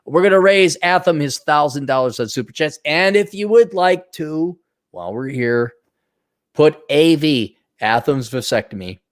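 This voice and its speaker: A man's voice: a little high, expressive, normal speed, no echo, studio quality. A middle-aged man, rambling and mocking as he chats casually with viewers on a livestream. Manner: rambling, mocking, jumps into loud mock voices. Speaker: livestream host.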